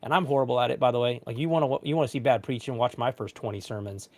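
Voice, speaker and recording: A man's voice: mid-range voice, very fast. A man in his thirties, a pastor, telling a personal story in a casual panel discussion, acting out quotes. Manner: animated storytelling, voices quotes.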